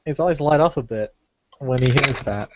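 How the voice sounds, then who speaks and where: A man's voice: mid-range voice, moderate pace, lo-fi sound, very noisy. Rambling man player. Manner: loose, rambling. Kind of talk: tabletop game play.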